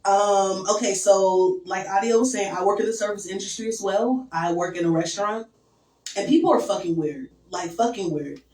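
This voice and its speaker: A young woman doing a stand-up set, crude and deadpan, with lots of "um" and "like". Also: medium pitch, normal speed. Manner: crude, deadpan, filler-heavy. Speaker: stand-up comedian. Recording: echoey room from far off.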